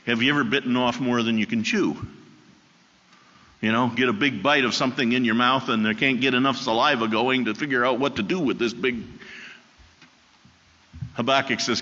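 Man preaching a lively sermon in a reverberant hall. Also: mid-range voice. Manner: animated storytelling, acting out voices, drops soft and slow for key lines. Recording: dull sound with long hall reverb.

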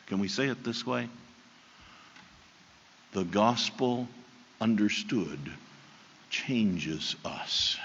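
A man preaching a sermon, telling the story with animated voices and dropping soft and slow for key lines. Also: fairly low pitch. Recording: dull sound with long hall reverb.

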